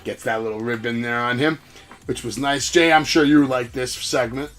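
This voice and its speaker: A man hosting a wrestling podcast, recapping matches in casual, excitable talk full of swearing and acted-out quotes. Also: mid-range voice, normal speed, faint music behind. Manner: profane, excitable, acts out quotes.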